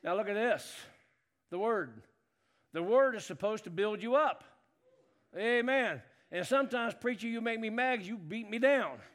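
Brief: middle-aged pastor, high-pitched, folksy sermon delivery that rises to shouts. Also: male voice, expressive, moderate pace. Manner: folksy, swings from low talk to loud shouting.

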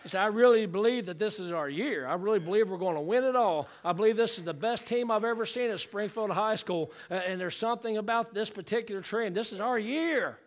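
A male pastor preaching a fervent sermon to his church. He calls for congregational responses and rises into shouted exclamations. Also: high voice, fairly quick, hardly any pauses. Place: church sanctuary.

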